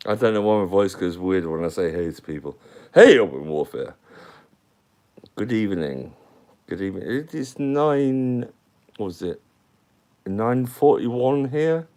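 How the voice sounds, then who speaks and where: A man rambles through a casual live-stream chat. His voice sits very low, and he takes his time, drifting from one thought to the next as he talks to his viewers. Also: darkish tone.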